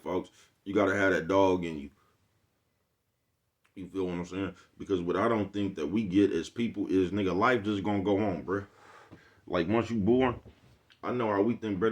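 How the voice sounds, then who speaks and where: A man with a very low, deep voice talks straight to his viewers in a loose, rambling monologue. He leans on street slang and swearing, and keeps checking in with his listeners as he drifts from one life lesson to the next. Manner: rambling, profane, streetwise slang, keeps asking "you know what I'm talking about". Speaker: vlogger host. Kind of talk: casual motivational monologue.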